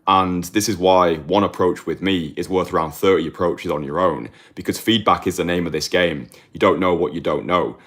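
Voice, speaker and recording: A man talking straight to the camera as a dating coach, blunt and emphatic, repeating phrases for effect and clearing his throat now and then. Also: low voice, normal speed, hardly any pauses, fairly bright tone. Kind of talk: direct-to-camera monologue.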